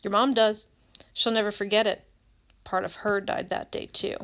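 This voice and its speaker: A woman's voice: medium pitch, flat delivery, moderate pace, fairly bright tone, close to an everyday voice. A woman reading as a haunted teen who questions a dead friend in a relentless way, in an audiobook. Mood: grim.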